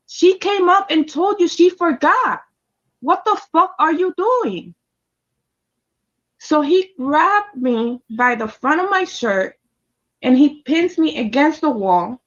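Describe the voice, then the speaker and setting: A woman's voice: sits high, highs cut off. A woman telling a personal story in a casual, emphatic and heated way, with heavy swearing. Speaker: storyteller recounting a personal experience.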